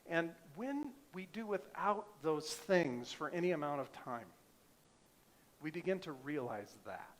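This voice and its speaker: A man's voice: fairly high pitch, a little hiss or hum. A middle-aged male pastor preaching a sermon, emphatic, asking the congregation rhetorical questions.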